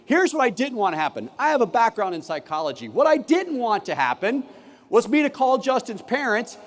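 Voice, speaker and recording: High, animated man speaking in a reverberant hall. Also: fairly quick. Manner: animated, acts out classroom dialogue. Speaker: keynote speaker, former teacher. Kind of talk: conference keynote storytelling. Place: large conference hall.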